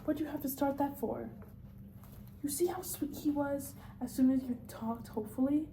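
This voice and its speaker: A woman reading the part of a patient, weary middle-aged wife and mother in a play read-through, gentle and coaxing. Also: high-pitched, normal speed, a little hiss or hum, pitched above the performer's own voice, low-quality recording.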